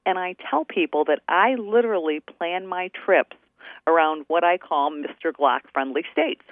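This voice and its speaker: A woman's voice: lowish voice, normal speed, dry recording. A woman attorney calling in as a radio guest, telling stories chattily and acting out the quoted dialogue. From New Hampshire. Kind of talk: radio call-in interview. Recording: tinny phone line.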